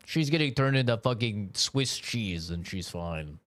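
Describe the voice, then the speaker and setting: Slow-talking, lively young male streamer. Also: lowish voice. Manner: laid-back, profane, rambling with frequent "like" and laughs. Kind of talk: casual gaming commentary.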